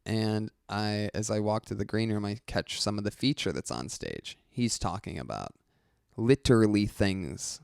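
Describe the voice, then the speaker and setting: A male comedian telling a story as a podcast guest, animated, profane and exasperated. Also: on the low side, moderate pace, gravelly, smooth, no room sound, clean studio sound.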